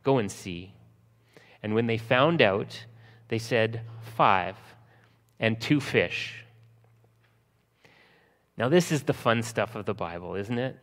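A man preaching a sermon, slowing for emphasis and acting out scenes from the text in lively voices. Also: fairly low pitch, in a large hall. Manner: lively storytelling, acting out disciples' panic in a raised voice. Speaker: pastor.

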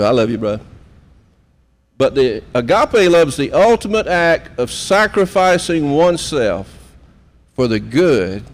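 A man's voice: medium pitch, long reverb tail. A man in his fifties preaching a conversational sermon and putting questions to the room. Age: 50s. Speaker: pastor.

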